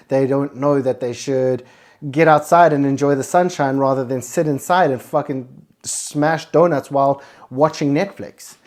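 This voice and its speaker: A man speaking as a podcast host in a hard-hitting, no-nonsense motivational monologue. His talk is blunt and emphatic, and he swears heavily. His pitch sits in the middle of the usual range. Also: a little mellow.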